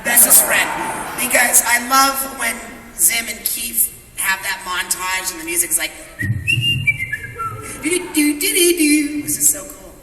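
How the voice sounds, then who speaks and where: A man on a comedic convention panel, excitable and playful, always quick to joke. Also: sits high, faint music behind. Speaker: voice actor panelist. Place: large convention hall. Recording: echoey convention hall from far, loud crowd.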